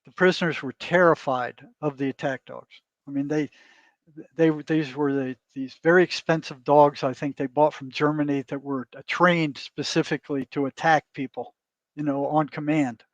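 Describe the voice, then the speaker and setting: Male therapist guest, rambling storyteller, slightly high voice; dry, dull lo-fi recording. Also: steady tone, moderate pace, dry recording. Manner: rambling, peppers talk with "you know" and "right?". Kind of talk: casual storytelling in an interview.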